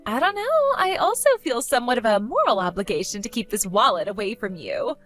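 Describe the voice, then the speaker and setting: A woman's voice: mid-range voice, lively intonation, fairly quick, fairly bright tone, soft background music. A woman voicing a spoiled, vain young woman who gloats, insults and giggles in a text-story skit. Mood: taunting.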